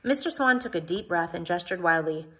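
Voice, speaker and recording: A woman's voice: on the low side, animated, a little fast, a bit bright. A woman reading a novel aloud, with plain narration and chatty comments between passages.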